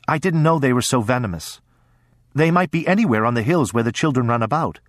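A man voicing a worried, gentle mother who asks anxious questions, in a storybook reading. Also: medium pitch, lively intonation, brisk, dry recording, studio quality, natural voice.

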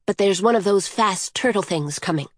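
A woman's voice: mid-range voice, normal speed, no room sound, natural voice. Woman voicing a small dry-voiced chickadee. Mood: matter-of-fact. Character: small, neat female chickadee bird.

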